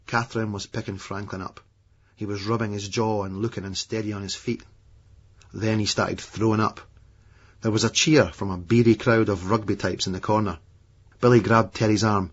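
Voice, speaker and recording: A man reading a novel aloud as a narrator, in a measured, matter-of-fact way. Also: fairly low pitch, steady tone, husky. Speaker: audiobook narrator. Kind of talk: scripted narration. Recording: dull lo-fi remastered audiobook.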